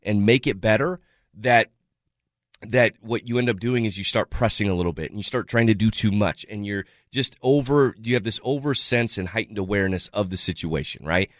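Rambling low-voiced man analyzing football. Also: a little fast, no echo, clean studio sound. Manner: rambling, many restarts and "you know"s. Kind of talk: sports talk radio analysis.

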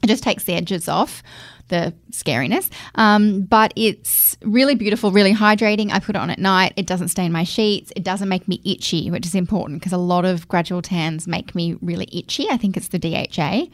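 A woman's voice: lowish voice, moderate pace, no echo, studio quality. A woman co-hosting a podcast in casual chat, explaining beauty products in a matter-of-fact way. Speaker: podcast co-host.

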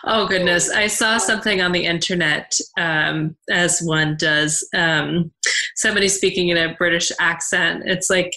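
A woman's voice: on the low side, fairly even intonation, unhurried, sharp tone, low-quality recording. A woman co-hosting a podcast, chatting casually and rambling a little as she searches for words. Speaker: podcast co-host.

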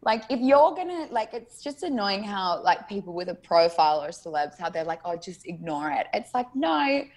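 A young Australian woman in casual chat as a guest, animated and laughing, swearing freely. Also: medium pitch, normal speed.

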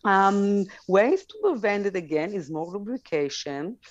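A woman's voice: mid-range voice, lively intonation, measured pace, no room sound, lo-fi sound. A woman on a talk show giving frank sex advice, laughing easily between points. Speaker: sex educator guest.

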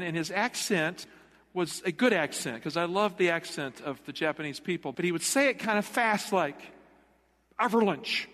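A man's voice: high-pitched, fairly bright tone. A middle-aged male pastor preaching a sermon in a church, emphatic and putting rhetorical questions to the congregation. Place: church sanctuary. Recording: long hall reverb.

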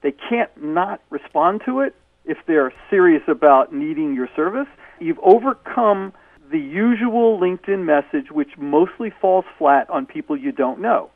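A man giving brisk, emphatic advice in a phone interview clip. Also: a little high, animated, no echo. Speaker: interviewed expert. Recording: tinny phone line.

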